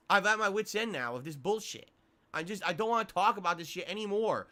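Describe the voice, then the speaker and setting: High, bright-voiced man ranting angrily. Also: quick pace. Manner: angry, profane, repetitive venting. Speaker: streamer. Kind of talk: livestream rant to viewers.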